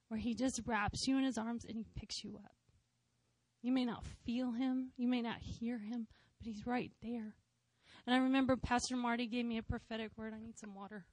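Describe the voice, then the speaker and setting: A woman's voice: on the high side, fairly even intonation, moderate pace, a little mellow, dry recording. A woman in her thirties sharing a personal testimony in church, heartfelt and conversational with touches of light humor.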